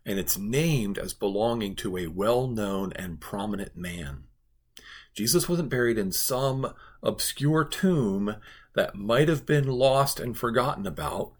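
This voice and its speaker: Male pastor, low husky voice, earnest devotional teaching, emphatic repetition. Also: expressive, unhurried. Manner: earnest, emphatic, repeats phrases for stress.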